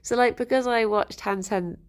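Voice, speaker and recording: A woman's voice: on the high side, fairly even intonation, moderate pace. A woman streamer chatting casually on a livestream, answering her chat and cooing to her pet rabbits.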